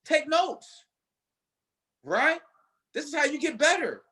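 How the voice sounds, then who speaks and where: A man's voice: very high voice, sing-song, slow, pushed and bright. A man leading a network marketing team, giving a motivational talk with emphatic, preacher-like repetition.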